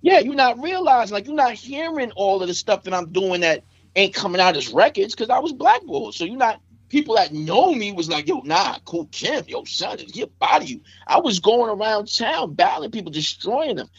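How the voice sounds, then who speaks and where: A man's voice: high voice, sing-song, a little fast, husky, no echo. Rambling New man, dull dry audio. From Staten Island, New York. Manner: rambling, heavy with fillers like "you know what I'm saying". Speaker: interview guest, rapper. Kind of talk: casual emotional storytelling.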